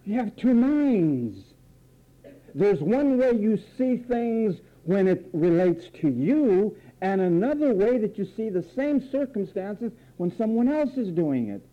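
High-voiced male preacher, theatrical sermon delivery, muffled lo-fi recording. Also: big pitch swings, takes it slowly. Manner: theatrical, mocks voices and repeats phrases.

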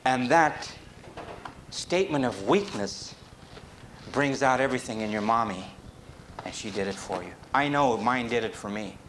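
A man preaching a sermon, rising to emphatic peaks and dropping low, with sudden shifts in pace. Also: normal speed, noisy background. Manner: animated, rises to emphatic peaks and drops low.

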